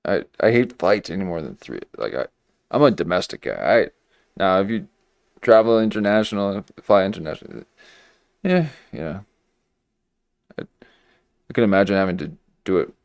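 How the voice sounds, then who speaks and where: A man commenting on a livestream, musing slowly and hesitantly with many fillers and restarts. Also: low-pitched, lively intonation, vocal fry, a little mellow, no echo, clean studio sound.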